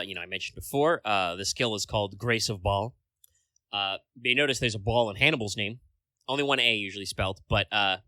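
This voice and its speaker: Man, casual podcast chat, lower voice, very bright and forceful tone, dry close sound. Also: no echo. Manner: rambling, full of filler words and casual swearing. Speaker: podcast co-host.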